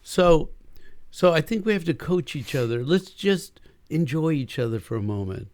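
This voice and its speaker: A man with a voice on the high side, speaking at normal speed with no echo, co-hosts a marriage podcast. He coaches listeners in casual conversation and is animated, acting out quoted lines with energy.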